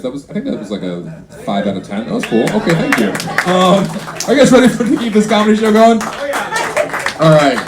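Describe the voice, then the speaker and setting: A man emceeing a comedy show, talking in a rambling, halting way full of fillers. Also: fairly high pitch. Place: comedy club stage. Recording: echoey live club with crowd noise.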